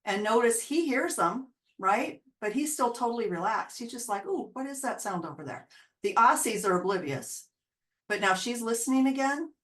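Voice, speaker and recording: A woman dog trainer talks through a series of clips in a relaxed, explanatory way. Her voice sits in the middle range, and she now and then slips into little quoted voices for the dogs. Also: medium pitch. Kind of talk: casual narrated video breakdown.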